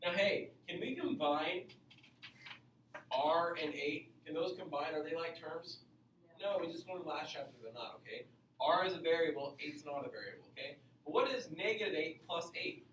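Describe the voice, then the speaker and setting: A man's voice: a little high, normal speed. Enthusiastic male math teacher in an echoey classroom. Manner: energetic, questioning the class, repeats points. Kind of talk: classroom lecture. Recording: echoey classroom from far off, faint noise.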